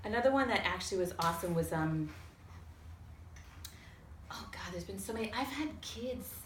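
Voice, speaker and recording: A woman telling a lively personal story to a small audience, acting out other people's voices and swearing casually. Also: mid-range voice, moderate pace. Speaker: storyteller on a talk show. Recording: roomy sound from a distance with faint noise.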